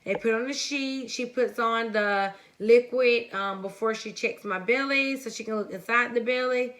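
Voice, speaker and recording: A young woman from the United States telling a story-time vlog in a lively, chatty way, talking straight to her viewers. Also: a little high, normal speed. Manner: casual and chatty, calls viewers honey and baby. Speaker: vlogger.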